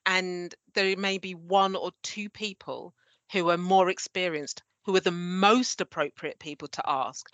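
Woman, podcast guest, lowish voice, bright forceful tone, emphatic. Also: no room sound. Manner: emphatic, reassuring. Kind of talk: frank conversational podcast chat.

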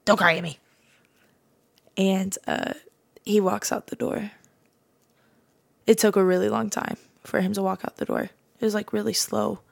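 Earnest woman with a gravelly edge. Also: medium pitch, little pitch movement, moderate pace, darkish tone. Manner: casual, earnest, fills speech with "like". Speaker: podcast host. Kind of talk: personal faith testimony.

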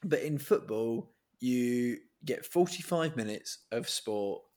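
A man's voice: mid-range voice, animated, slow pace, a little mellow. A man co-hosting a casual podcast chat over a remote call, often laughing and restarting. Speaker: podcast co-host. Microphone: remote call mic.

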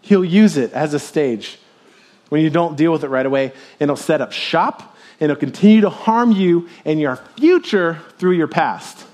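Animated, joking man preaching a sermon. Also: normal speed. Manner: conversational, jokey preaching with lively swings in loudness and pitch. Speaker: pastor.

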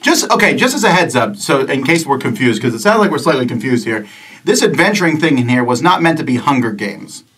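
A man's voice: mid-range voice, sing-song, fairly quick, a bit bright, slightly rough. A man running a tabletop game as game master, narrating scenes in a chatty way with frequent restarts. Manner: chatty, stumbling restarts while describing scenes. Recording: distant mic.

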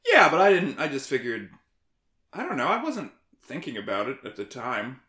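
An animated man chatting as a guest, his pitch leaping all over as he talks, sarcastic and quick to swear. His tone is bright and forceful. The voice rings in a noticeably echoey room. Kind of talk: casual conversation. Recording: roomy echo.

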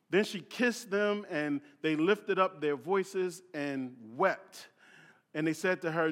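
Preacher guy from philly, highish voice, lots of ums and repeats, long reverb hall. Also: takes it slowly, long pauses, fairly bright tone. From Philadelphia. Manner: repeats words, restarts often, many fillers, reads scripture aloud. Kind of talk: sermon.

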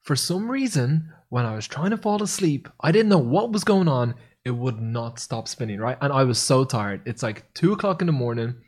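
A man co-hosting a podcast, chatting casually in a rambling, animated way and swearing freely. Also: mid-range voice, moderate pace, hardly any pauses, slightly rough. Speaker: podcast co-host. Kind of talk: casual chat.

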